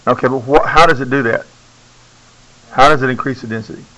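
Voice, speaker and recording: A man's voice: medium pitch, fairly quick, noisy background. A male science teacher lecturing a classroom, keeps checking in with "okay?" and coaxing students to speak up.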